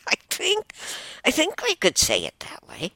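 A woman's voice: high-pitched, huge pitch swings, vocal fry, bright, forceful tone. A woman reading posts aloud and commenting casually, emotional and exclamatory, sighing and stumbling over her laptop. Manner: emotional, exclaims and sighs, reads aloud haltingly.

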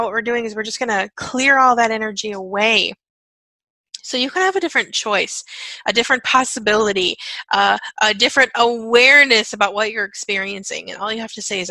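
A woman's voice: medium pitch, a little fast, vocal fry, pushed and bright, no room sound, low-quality recording. A woman leading a guided self-help talk. She uses chant-like repeated phrases and a conversational style that often checks in with "okay" and "right.". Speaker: energy-clearing facilitator.

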